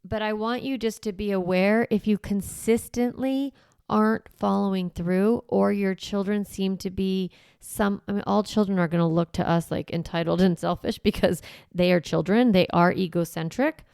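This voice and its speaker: Middle-aged mom coaching parents, lowish smooth voice, dry close sound, chatty and thinking out loud. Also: female voice, fairly even intonation, moderate pace, no echo. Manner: conversational, reflective, self-correcting. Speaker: parenting coach and podcast host. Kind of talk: casual teaching monologue.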